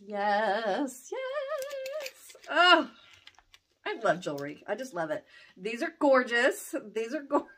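A woman's voice: on the high side, sing-song, normal speed, bright, forceful tone, a little hiss or hum. A middle-aged woman opening fan mail, gushing and exclaiming over each gift. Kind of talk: excited unboxing chat.

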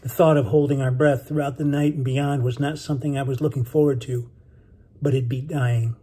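Male author-narrator, husky and dark, measured audiobook storytelling. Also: mid-range voice, steady tone. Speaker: author reading his novel. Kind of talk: scripted narration.

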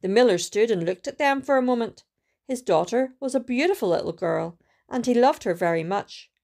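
A woman reading a storybook aloud with a steady, careful delivery and small restarts. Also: on the high side, moderate pace, gravelly. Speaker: student reader.

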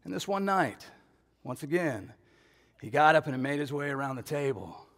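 A man preaching a sermon as a pastor, telling a family story in an animated way and acting out voices with shouts and laughs. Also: a little high, normal speed. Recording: long hall reverb.

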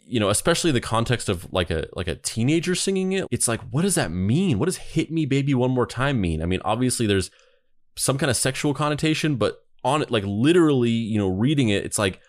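A man's voice: medium pitch, sing-song, fairly quick, no echo, studio quality. A man co-hosting a podcast who talks in a loose, rambling way with many restarts. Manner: rambling, full of fillers and restarts. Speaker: podcast co-host. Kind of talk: casual chat.

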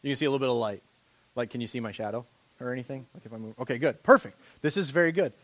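A man preaching a sermon as pastor, animated and conversational, joking with a volunteer on a church stage. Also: medium pitch, racing. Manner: animated, rising to loud impassioned preaching.

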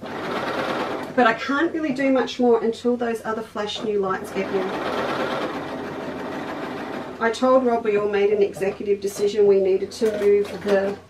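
A woman's voice: medium pitch, fairly even intonation, unhurried, pauses often, far from the mic, noisy background. Chatty Australian woman hosting a sewing class. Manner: chatty, rambling, talks to viewers by name. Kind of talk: casual livestream craft class. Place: indoor craft studio. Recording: echoey room, voice off-mic.

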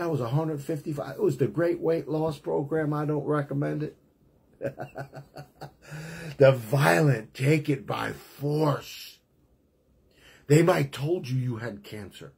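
A man's voice: on the high side, slightly rough. A middle-aged man preaching a fervent testimony sermon, emphatic and punctuated with amens.

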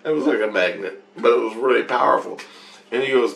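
A man's voice: medium pitch, a little fast, creaky, fairly bright tone. A man telling a rambling spiritual story, swearing and chuckling often as he goes. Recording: echoey room with faint noise.

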